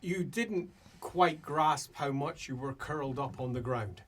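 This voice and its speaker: A man's voice: mid-range voice, measured pace. A man narrating as a playful game master. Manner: lively, playful, laughing narration.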